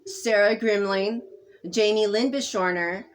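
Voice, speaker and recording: Woman, mid-range pitch, rambling vlog monologue, stop-start delivery full of restarts, drops soft then pushes loud. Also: a little hiss or hum. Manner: halting and rambling, many fillers and restarts; swings between soft murmuring and loud insistence. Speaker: vlogger speaking to camera. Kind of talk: unscripted personal monologue.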